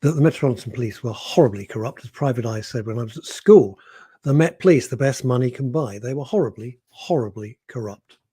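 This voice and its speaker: A man's voice: medium pitch, fairly quick, mellow, breathy edge. A man co-hosting a radio show, chatting wryly and losing his train of thought. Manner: rambling, wry, loses his thread. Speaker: radio co-host. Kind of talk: casual radio chat.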